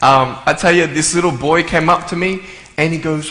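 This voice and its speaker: A man's voice: a little high, moderate pace, a loud crowd, heavy background noise. A man giving a humorous live talk to an audience as a motivational speaker, joking playfully and acting out voices and sounds. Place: large hall before a live audience. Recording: echoey hall, long reverb, faint ambience.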